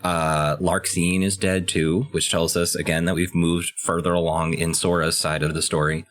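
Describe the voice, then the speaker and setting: A man co-hosting a podcast, chatting casually about a video game and getting excited about key story moments. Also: normal speed. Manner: excitable, pitch jumps high when enthused. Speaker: podcast co-host.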